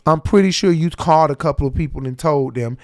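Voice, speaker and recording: A man's voice: a little high, quick pace, a little hiss or hum. A man hosting a reaction show, giving blunt, profane, heated commentary. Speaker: host.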